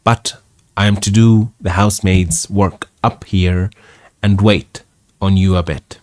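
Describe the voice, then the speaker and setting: A man's voice: sits low, steady tone, slow pace, a little mellow, dry recording, studio quality. A man voicing a blunt, talkative young Yorkshire housemaid girl in a read-aloud storybook, plainspoken and a little cheeky.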